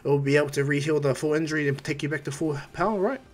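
A man's voice: on the high side, very fast, faint music behind. A man casually telling a fan-fiction story, rambling with frequent restarts.

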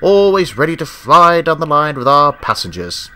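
A man's voice: mid-range voice, very animated, a little slow, a bit bright. A man voicing a big, proud male express engine who boasts and gloats in a pompous way. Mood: boastful.

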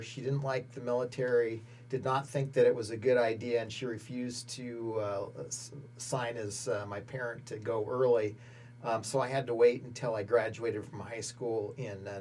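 A man in his fifties from Montana, recounting memories in an oral history interview, thoughtful and unhurried with many pauses and fillers. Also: mid-range voice, darkish tone. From Montana, United States. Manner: reflective storytelling with frequent pauses and fillers.

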